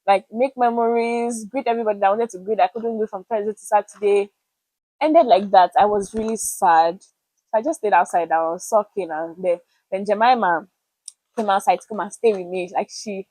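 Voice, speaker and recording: A young woman with a Nigerian accent, telling a personal story to camera in a chatty, animated way with pidgin words mixed in. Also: medium pitch, fairly quick, no echo, rough recording. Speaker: vlogger.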